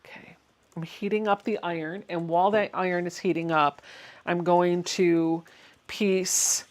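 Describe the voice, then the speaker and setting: A woman's voice: fairly low pitch, steady tone, measured pace. A woman hosting a casual sewing livestream, chatty and laughing often as she explains each step while she works. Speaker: quilting channel host.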